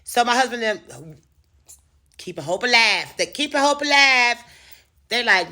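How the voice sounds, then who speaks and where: A woman telling a personal story to camera in a casual vlog, animated and freely cursing. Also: fairly high pitch, moderate pace, pauses often. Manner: animated, profane, dramatic storyteller. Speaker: storytime vlogger.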